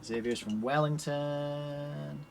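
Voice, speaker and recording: A man's voice: a little high, fairly even intonation, slow pace, creaky, a little mellow, slight background noise. A man with a Scottish accent chatting casually on a live stream while setting up puzzle cubes in a shed. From Scotland. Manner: chatty, cheerful, talks while working with his hands.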